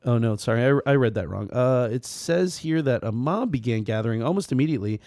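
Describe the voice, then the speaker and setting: A man's voice: mid-range voice, lively intonation, brisk, dry recording, clean studio sound. Sarcastic man co-hosting a podcast. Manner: dark sarcastic humor, frequent laughter and swearing. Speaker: podcast co-host reading the case. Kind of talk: casual true-crime chat.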